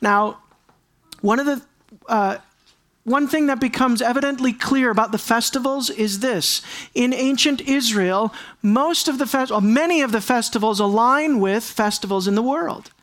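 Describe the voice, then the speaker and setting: Speaking at a moderate pace in a mid-range, fairly bright voice, a preacher earnestly expounds a passage verse by verse. Important lines come twice for emphasis, and he keeps challenging listeners with rhetorical questions.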